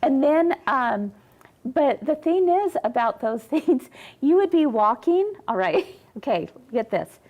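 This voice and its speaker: A woman in her fifties hosting a live sewing show. She talks in a chatty, giggly way. Her voice sits a touch high and swings widely in pitch. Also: very animated, slow, phone-quality sound. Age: 50s. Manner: giggly, chatty, often laughing. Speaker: host. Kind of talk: casual live-show chat.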